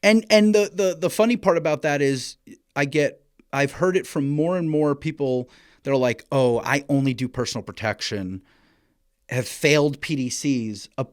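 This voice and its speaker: A man telling stories as a guest on a casual podcast about dog training, animated and blunt, swearing freely and restarting his sentences. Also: a little high, moderate pace, clear, resonant tone, no echo, studio quality.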